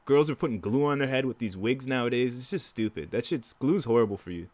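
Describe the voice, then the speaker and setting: A young man co-hosting a podcast in casual chat, animated and swearing freely, often breaking into laughter. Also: medium pitch, fast talker. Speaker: podcast co-host.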